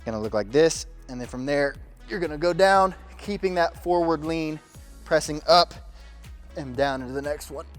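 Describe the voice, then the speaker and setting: A man's voice: on the high side, normal speed, soft background music. A man giving casual workout instructions as a fitness coach, talking while he demonstrates exercises and sometimes sounding slightly strained from the effort. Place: gym.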